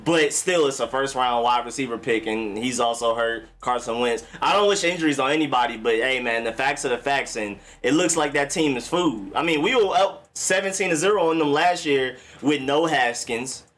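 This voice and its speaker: This young football live-stream host keeps things casual and slangy, calling out viewers by name as he chats. His medium-pitched, slightly bright voice moves at a moderate pace with hardly any pauses.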